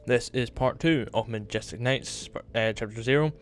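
A man's voice: mid-range voice, moderate pace, soft background music. A man hosting a gameplay walkthrough, chatting casually with apologetic asides between reading game lines. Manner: chatty, apologetic asides, reads game dialogue aloud in put-on voices. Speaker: gameplay video host.

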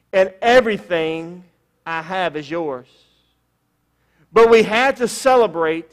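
High-voiced preacher in a reverberant hall. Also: male voice. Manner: preaching with emphatic repetition, drawn-out phrases. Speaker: pastor. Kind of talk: sermon. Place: church sanctuary.

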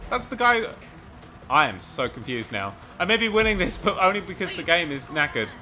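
Brief: male let's-player, animated delivery, slightly high voice, out of breath and cursing at rivals. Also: a little fast, soft background music. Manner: excitable, sweary, rambling and self-mocking. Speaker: gaming commentator. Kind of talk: let's play commentary.

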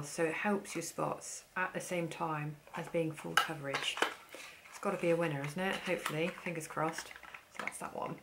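Woman, beauty vlogger; lowish, chatty, self-mocking, casual delivery. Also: a bit bright, a little hiss or hum. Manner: chatty, self-deprecating, playful asides. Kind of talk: casual haul chat to camera.

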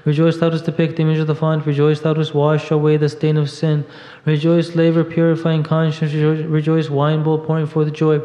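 Man reciting hymns in a monotone, echoing church. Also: fairly high pitch, a little fast. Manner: steady monotone recitation with small slips. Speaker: reader at a monastery service. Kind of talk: liturgical reading of a hymn. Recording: dull echoey church audio.

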